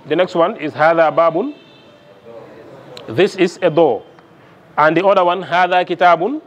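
A man lecturing on Arabic to a class, asking the students questions and checking their understanding with frequent "okay?" along the way. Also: high-pitched. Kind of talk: classroom lesson.

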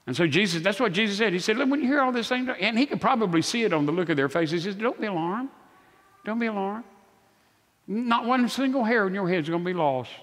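A male pastor delivers a sermon with emphatic, rising appeals, asking the congregation for amens. His voice sits a little high and sounds bright and forceful. The sound rings with the long reverb of a church sanctuary.

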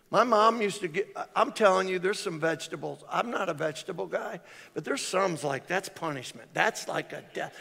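Preaching as pastor in a church sanctuary, this older man has a high-sitting, creaky voice and a moderate pace. He tells jokes and stories with animation, performing the voices of the characters, and hall reverb colors the audio.

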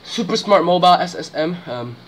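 A man's voice: high voice, lively intonation, fairly quick, a little hiss or hum, rough recording. Slangy young man vlogging at home. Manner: slangy, exclaiming, hushed and breathy while eating, loud and playful when reviewing. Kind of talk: casual vlog chat.

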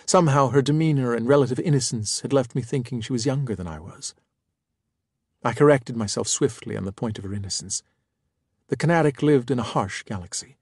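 A man's voice: medium pitch, darkish tone, no echo. Man narrating an audiobook, dry and close. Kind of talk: scripted first-person narration.

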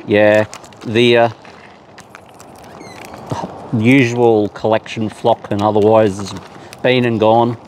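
Speaking slowly with frequent pauses, this bird feeder vlogger has a lowish, darkish voice with fairly even intonation. He playfully teases wild cockatoos in baby talk during a casual chat, captured in a noisy outdoor recording full of birds.

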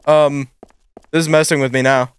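A young man talks to himself through a horror game, jumpy and uneasy. His voice sits high and comes out smooth. The sound is dry and close to a desk mic. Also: level tone, normal speed, dry recording. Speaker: gaming YouTuber. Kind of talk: horror game let's play commentary.

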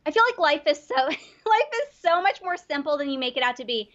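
Young woman guest, high and bright, bubbly and giggly, lo-fi sound. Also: big pitch swings, brisk. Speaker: guest voice actor. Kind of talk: casual interview chat.

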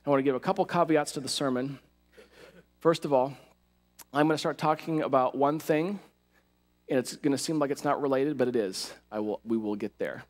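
A male pastor preaching in a church sanctuary, his voice at an ordinary middle pitch. He keeps it conversational and lively, throwing asides to the congregation as he goes. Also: fairly quick. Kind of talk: sermon.

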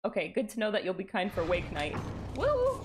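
A young woman streaming a game, chatting casually and excitably with her chat, giggling often. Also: on the low side, quick pace, noisy background.

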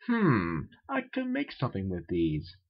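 A man voicing a pompous male alien inventor with slow, stiff, formal speech. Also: low voice, huge pitch swings, breathy edge, dull audio, full character voice.

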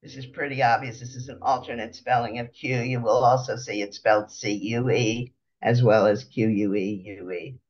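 A man giving an unhurried slide-show lecture, pausing often as he explains each picture. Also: mid-range voice, fairly even intonation, dull audio.

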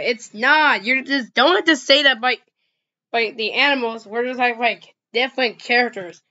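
A reaction video host with a slightly high, sharp-toned voice reacts to funny clips. Her casual commentary rambles and halts with frequent restarts, captured on dull lo-fi audio.

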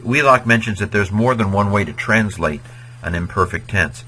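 A man with a low, husky voice gives a casual grammar lesson. He talks in a chatty, wandering way with lots of fillers and now and then chants word endings in a sing-song beat. His tone is bright and forceful. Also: moderate pace, rough recording. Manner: chatty and digressive, with many fillers. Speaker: Latin teacher. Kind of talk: informal video lecture on grammar.

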